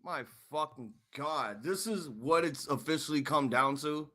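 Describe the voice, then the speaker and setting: A man hosting a live wrestling reaction stream, ranting angrily and swearing, swinging from muttering to shouting. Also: fairly high pitch, measured pace. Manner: angry, profane ranting.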